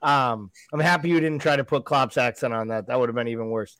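A man's voice: medium pitch, fairly quick, fairly bright tone. A man co-hosting a football podcast, talking in a wry, sarcastic way. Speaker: podcast co-host. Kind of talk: casual football fan chat.

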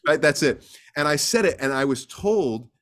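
A man speaking as a guest actor in a casual interview, an animated storyteller who slips into acting out voices. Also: fairly high pitch, normal speed.

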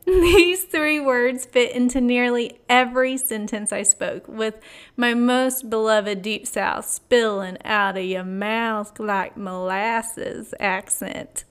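A woman's voice: fairly high pitch, clear, resonant tone. A woman hosting a devotional podcast, reading her intro in an upbeat, chatty way with light laughs. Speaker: podcast host.

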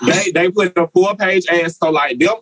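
A man's voice: high voice, moderate pace, fairly bright tone, no echo, low-quality recording. Rambling, profane male co-host, dry sound. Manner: rambling, profane, filler-heavy. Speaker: podcast co-host. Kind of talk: casual chat.

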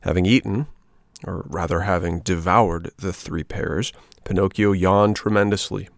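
A man with a low, gravelly voice narrating a storybook. His delivery is measured and even. The recording is dry and close, with no room sound. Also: no room sound. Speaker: audiobook narrator.

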